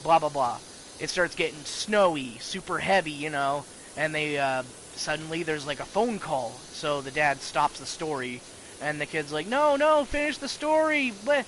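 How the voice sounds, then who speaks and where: A man's voice: fairly high pitch, normal speed, fairly bright tone, slight background noise, rough recording. A man rambling casually and profanely about horror shows while playing a video game. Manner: rambling, profane, full of restarts. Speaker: gaming video host.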